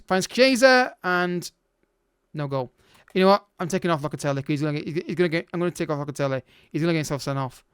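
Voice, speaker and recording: A man's voice: a little high, darkish tone, clean tone, dry recording, clean studio sound. A man commentating his own game as a let's play host, exasperated and urgent, calling out to the players.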